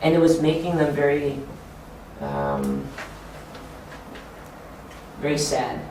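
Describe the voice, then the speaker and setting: An American man giving an informal teacher training talk, animated and laughing as he acts out quotes. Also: fairly high pitch, takes it slowly, background noise. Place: training room. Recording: echoey room, mic far off.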